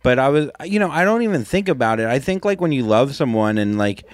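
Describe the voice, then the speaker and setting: A man's voice: mid-range voice, big pitch swings, fast talker, no room sound. Man, podcast co-host, earnest rambling talk, casual swearing, dry sound. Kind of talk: casual chat.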